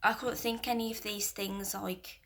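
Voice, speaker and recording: Woman, 20s, vlogger mum; flat, halting, soft confessional delivery, near tears. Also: medium pitch. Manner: halting, soft-spoken, with frequent restarts and fillers. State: emotional, near tears at times. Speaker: mother and vlogger. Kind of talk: candid personal talk to camera.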